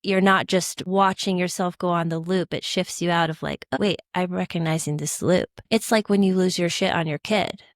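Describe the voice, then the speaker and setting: A woman guest on a podcast, talking in a casual, animated way and telling stories expressively. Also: fairly low pitch, normal speed, hardly any pauses, no echo, studio quality. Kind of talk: casual conversational chat.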